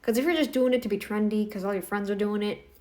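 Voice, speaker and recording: A woman's voice: medium pitch, fast, darkish tone, slight background noise. A woman giving casual reaction commentary in a blunt, scolding, emphatic way.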